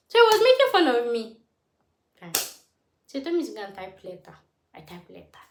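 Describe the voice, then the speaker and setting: A woman in her late twenties with a Nigerian English accent, retelling a story with animated, indignant emphasis and acted quotes. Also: high-pitched, brisk, reverberant, slight background noise. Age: 20s. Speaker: vlogger. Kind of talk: storytelling to camera.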